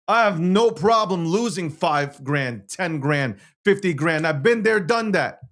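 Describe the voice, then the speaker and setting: Boastful and profane, a show host rants brashly to livestream viewers, repeating phrases and asking rhetorical questions. His voice is a little high and a bit bright, expressive, at a measured pace.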